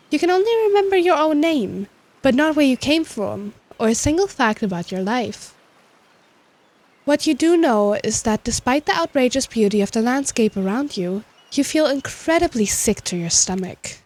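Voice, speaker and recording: A woman reading a dating game's text aloud as a teasing, well-spoken narrator voice in the player's head. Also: a little high.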